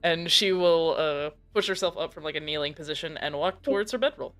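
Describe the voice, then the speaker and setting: A player in a tabletop game cheerfully narrates each mischievous move, often breaking into giggles. The voice sits at a medium pitch, with faint music in the background. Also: a little fast, fairly bright tone. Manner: giggly, playful, narrating own actions. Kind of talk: in-character tabletop play, casual chat.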